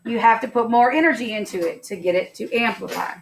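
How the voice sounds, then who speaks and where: A woman's voice: on the high side, fast, creaky, a little hiss or hum. A woman teacher giving a science lesson in a classroom, upbeat and playful, putting questions to her students.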